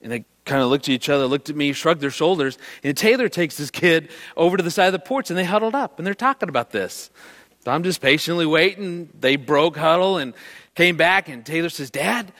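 A man's voice: a little high, fairly quick. A man giving a talk on marriage to a live audience, telling a family story and acting out the voices in it. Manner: animated, jokey, acts out his daughter's lines. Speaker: marriage speaker. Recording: long hall reverb.

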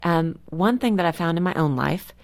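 A woman with a lowish voice and plenty of vocal fry tells stories as a radio guest. She acts out scenes from family life, close on a studio microphone. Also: expressive, moderate pace. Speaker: guest, mother. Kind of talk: casual studio conversation.

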